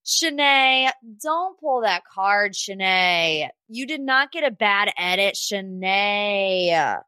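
A sassy, gossipy woman recaps reality TV in a chatty, casual way, often talking straight to the people she discusses. Her voice sits at an ordinary middle pitch. The recording is dry, with no room sound. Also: lively intonation, slow, few pauses, sharp tone, clear, resonant tone, no echo. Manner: chatty, with frequent "like" and laughs. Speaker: podcast host.

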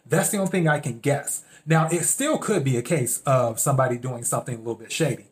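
A man's voice: mid-range voice, fast. A man hosting a podcast, telling a story in a casual, meandering monologue and acting out his own thoughts in quotes. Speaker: podcast host.

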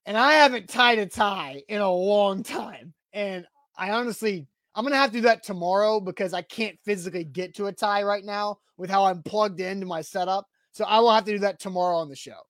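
Brief: relaxed male show host, casual sports talk, dry recording. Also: sits high, fairly quick, hardly any pauses, dry recording. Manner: easygoing, laughs along.

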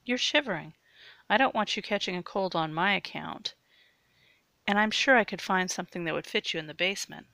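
A woman's voice: mid-range voice, a little fast, vocal fry, sharp tone, no room sound. A woman voicing Sue, a bubbly-then-sinister young woman. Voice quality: coarse like sandpaper when sinister.

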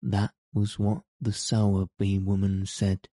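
A man's voice: on the low side, completely flat delivery, takes it slowly, mellow, no room sound. A man voicing a weary, troubled middle-aged guardian in an audiobook, distracted and muttering. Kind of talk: audiobook character reading.

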